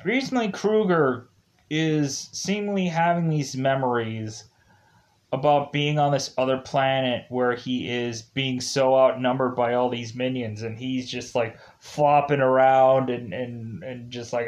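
Slow, rambling man reviewing episodes. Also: medium pitch, steady tone. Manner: rambling, many fillers and restarts. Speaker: show reviewer.

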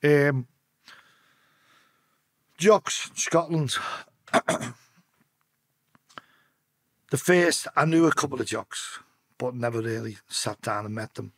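A man's voice: medium pitch, fairly even intonation, slow pace, long pauses, a bit bright, no echo. A man with a Liverpool accent, telling blunt, profanity-laced stories as a podcast guest and often restarting his sentences. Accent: Liverpool (Scouse). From Liverpool, England. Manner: blunt, heavy swearing, restarts mid-sentence. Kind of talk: casual storytelling.

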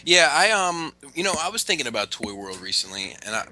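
Bright-voiced joking podcast host. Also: male voice, a little high, very animated. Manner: jokey, quick to laugh, filler-heavy. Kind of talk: casual podcast chat.

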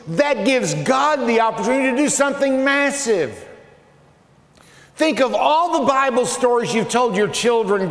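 A man preaching a sermon as pastor, swinging from loud outbursts to hushed, low phrases. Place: large church sanctuary. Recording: echoey church hall with long reverb.

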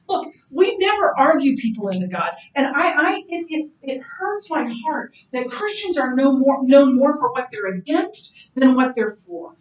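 A woman's voice: high-pitched, expressive, normal speed, few pauses. A woman teaching a Bible class in a church classroom, reading scripture and explaining it in an earnest, conversational way. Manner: earnest and conversational, thinking aloud with restarts. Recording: roomy sound from far off.

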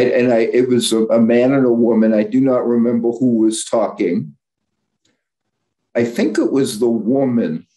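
Here a male psychologist, invited as a guest speaker, lectures informally with candid bluntness, tripping over words and revising himself often. He has a mellow, medium-pitched voice.

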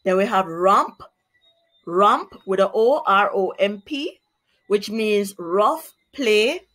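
A woman teacher with a Jamaican accent reads a children's story aloud and then walks through new words for young pupils. She speaks slowly and clearly in an explanatory tone, at a middle pitch. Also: expressive, fairly bright tone. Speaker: primary school teacher. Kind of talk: children's read-aloud and vocabulary lesson.

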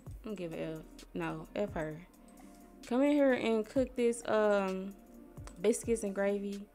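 A woman's voice: mid-range voice, dark tone, faint music behind. Chatty young woman narrating her gameplay. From Missouri, USA. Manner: chatty, talks to herself and the characters, slangy, quick to get annoyed. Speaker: gaming YouTuber. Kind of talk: casual gameplay commentary.

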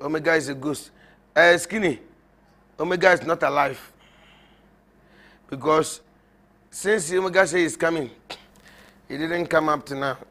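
A bright, high-pitched male preacher addresses his viewers in a loose, rambling sermon. He mocks, laughs often and hammers points home by repeating them. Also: unhurried, pauses often. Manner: mocking, laughing, emphatic; repetitive, rambling. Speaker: prophet.

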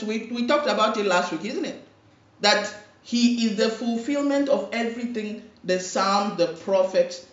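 A woman's voice: a little high, darkish tone. A woman pastor preaching a sermon, emphatic and full of repeated phrases and calls for amen. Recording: roomy, distant, dull lo-fi hall recording.

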